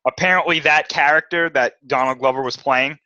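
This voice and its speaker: A man co-hosting a podcast, jumping in with quick remarks and steering the conversation. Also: on the high side, fairly even intonation, sharp tone, slight background noise. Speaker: podcast co-host. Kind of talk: casual chat. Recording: dry lo-fi recording.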